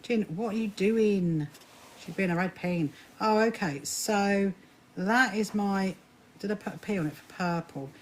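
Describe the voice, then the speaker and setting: A woman's voice: medium pitch, measured pace, a little hiss or hum. A woman hosting a casual sewing live stream, chatty, often restarting her sentences and greeting viewers by name. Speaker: livestream host. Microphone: phone or camera on a live stream.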